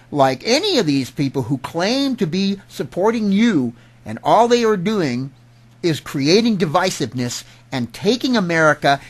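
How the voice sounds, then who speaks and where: A middle-aged man delivering an angry political rant, indignant and emphatic, often restarting his words. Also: on the high side. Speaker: political commentator.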